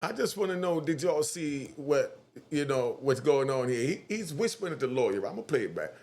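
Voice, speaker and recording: Gravelly higher-voiced man commenting. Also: fairly quick. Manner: animated, talks straight to viewers, acts out quotes. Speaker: online commentary host. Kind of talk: casual video commentary.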